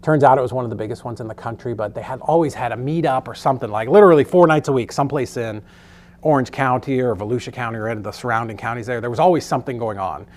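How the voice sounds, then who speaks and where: A man's voice: mid-range voice, fast, darkish tone. A middle-aged man teaching a real estate course in a casual storytelling way, loose and chatty, with frequent swearing.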